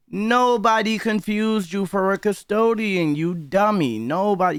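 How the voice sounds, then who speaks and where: A man's voice: sits high, moderate pace, few pauses, no echo, studio quality. A man giving casual reaction commentary, heated and profane, openly disbelieving what he hears.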